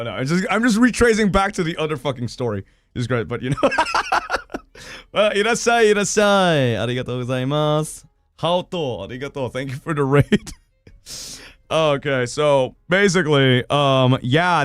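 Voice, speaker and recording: Lively, excitable male streamer. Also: mid-range voice, no room sound, clean studio sound. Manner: excitable, swears a lot, laughs often. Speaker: streamer host. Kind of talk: reading viewers' horror stories on a livestream.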